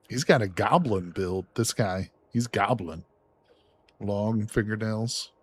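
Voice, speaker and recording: Excitable husky-voiced male game streamer. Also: fairly low pitch, a little slow. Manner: excitable reactions, swearing and laughing. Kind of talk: live gameplay commentary.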